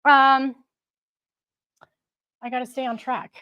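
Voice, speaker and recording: A woman's voice: high voice, level tone, slow, pushed and bright, highs cut off. A woman hosting a casual live stream, talking in a chatty, rambling way with frequent restarts. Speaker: host.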